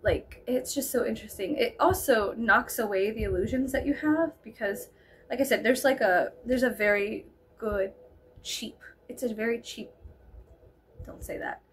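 A woman's voice: fairly high pitch, moderate pace, a little hiss or hum. A woman vlogger with a Texan accent telling a rambling, giggly storytime, saying "like" constantly. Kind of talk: casual storytime.

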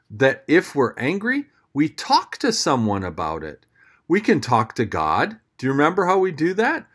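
A children's church storyteller reading a picture book aloud and talking directly to kids, with gasps and an animated manner. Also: medium pitch, slightly rough.

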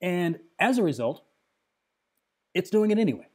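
A man's voice: sits high, big pitch swings, normal speed, a little mellow. A middle-aged man narrating a screen recording, agitated and rambling as he talks straight to his viewers with lots of "okay?" and "right?". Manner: frequent tag questions and fillers. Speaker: computer user demonstrating a software crash.

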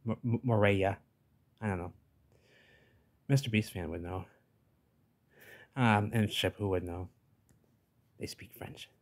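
Low-voiced man, dismissive commentary. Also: unhurried, long pauses. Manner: emphatic, dismissive, repetitive catchphrases. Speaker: video commentator. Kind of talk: commentary over video footage.

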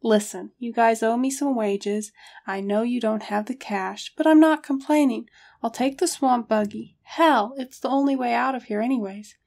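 A woman voicing a gruff, drink-sodden has-been male hunter in a story reading, blunt and offhand. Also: on the high side, moderate pace, darkish tone. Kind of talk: audiobook character reading.

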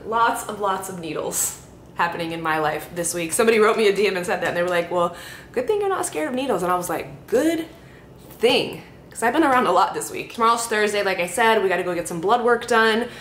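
A woman's voice: expressive, fast talker, fairly bright tone. A young woman vlogging casually to camera, telling stories in a chatty way with lots of "like" and acted-out quotes. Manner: chatty storytelling, many "like"s, acts out quotes. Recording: echoey room with faint rumble.

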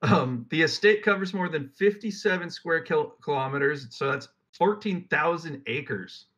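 Bright-voiced young man, lo-fi podcast. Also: on the high side, moderate pace. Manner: rambling, jokey, reads facts aloud then riffs. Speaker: podcast co-host. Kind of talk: casual podcast chat. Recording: dull lo-fi mic.

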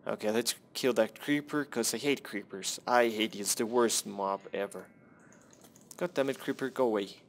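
A man's voice: lowish voice, moderate pace. A young man casually commenting on his own gameplay, rambling, self-deprecating and swearing at the game.

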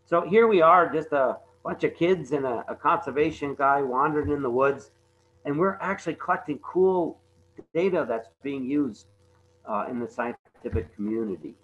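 Halting man presenting conservation slides. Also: a little high, fairly bright tone, dull audio, a little hiss or hum. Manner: halting, repeats words, many fillers.

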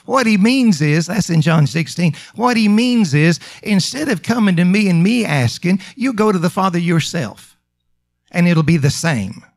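A man preaching a sermon, drawing out some phrases slowly and rising to emphatic calls. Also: high-pitched, expressive. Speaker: pastor.

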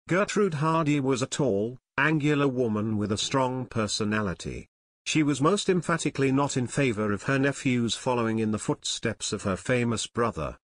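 A man reads a novel aloud in a steady, measured narrator's voice. His pitch is middling, and the close mic leaves the sound dry, with no room echo. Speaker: audiobook narrator. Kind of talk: unabridged audiobook narration.

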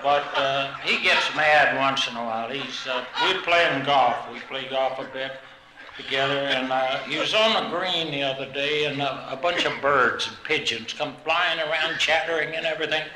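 A man telling off-color jokes at a live roast, drawling and halting with many fillers. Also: medium pitch, background noise. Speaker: roast comedian. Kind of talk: live roast stand-up storytelling. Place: large banquet hall. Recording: roomy live banquet hall.

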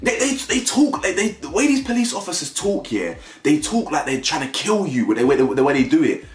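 A man giving casual opinion commentary, animated and rambling, often restarting and repeating himself. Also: fairly high pitch, brisk, reverberant. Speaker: commentary YouTuber.

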